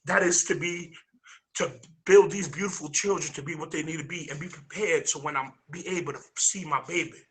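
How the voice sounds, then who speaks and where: An energetic, earnest man sharing a personal testimony as a guest, sometimes repeating words as he gathers himself. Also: on the high side.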